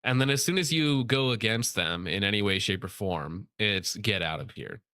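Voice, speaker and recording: A man's voice: lowish voice, lively intonation, moderate pace, sharp tone, clear, resonant tone, no room sound, studio quality. A man hosting a casual commentary show, reading posts aloud and mocking them sarcastically. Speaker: show host.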